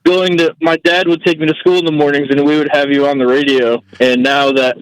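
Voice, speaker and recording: A man in his early twenties calling a radio show, earnest and a little halting. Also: fairly high pitch, flat delivery, clear, resonant tone, no echo, rough recording. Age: 20s. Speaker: caller. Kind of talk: phone-in call.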